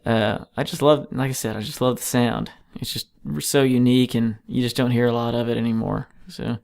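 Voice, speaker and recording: A man's voice: mid-range voice, little pitch movement, fairly quick, vocal fry, a little mellow. A man, a touring guitarist, chatting casually as a podcast guest in a home basement, easygoing and rambling, full of "you know" and "man". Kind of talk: casual chat.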